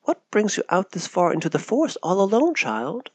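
A man voicing a hushed, lilting hooded forest woman. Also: sits high, sing-song, moderate pace, husky, no room sound, pitched above the performer's own voice, heavily acted. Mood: soothing. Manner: soft, soothing, near-whispered. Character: hooded mysterious forest woman, gentle and protective. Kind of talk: storybook reading.

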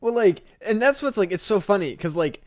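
A man's voice: sits high, brisk, no echo, clean studio sound. A man co-hosting a casual podcast a few beers in, rambling and swearing through a heated rant. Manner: rambling, profane, animated rant. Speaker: podcast co-host. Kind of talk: casual chat.

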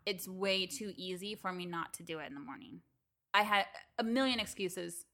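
A woman's voice: on the low side, normal speed, bright, forceful tone. A young adult woman co-hosting a podcast in casual chat, talkative, swearing freely and acting out quotes. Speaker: podcast co-host.

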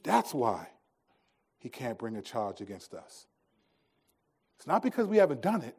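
A middle-aged male pastor preaching a sermon, telling stories and swinging between hushed, slow lines and emphatic ones. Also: mid-range voice, sing-song, slightly rough.

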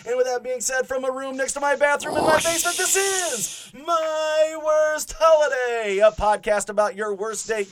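Man, podcast host, crude jokes, swears a lot, laughs a lot, fairly high voice. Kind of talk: casual podcast chat.

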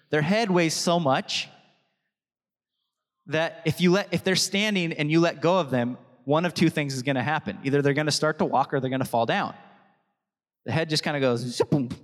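A man's voice: fairly high pitch, long reverb tail. A young adult man preaching a sermon as pastor, chatty and anecdotal, often laughing between thoughts.

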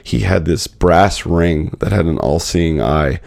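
A man's voice: deep voice, measured pace, gravelly, no room sound, clean studio sound. A man, a filmmaker guest, telling stories in a casual interview and acting out the people he quotes. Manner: animated storyteller, acts out quotes.

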